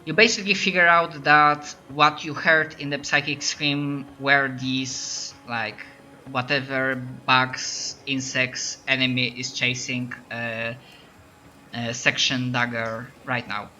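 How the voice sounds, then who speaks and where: A man guides players through a tabletop game, with English as a second language. He talks slowly and hesitantly, stopping often to search for words. His voice is bright and crisp, with faint noise in the background. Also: mid-range voice, steady tone. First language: non-native English speaker. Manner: slow, hesitant, many fillers. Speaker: game master. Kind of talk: running a tabletop game over voice chat.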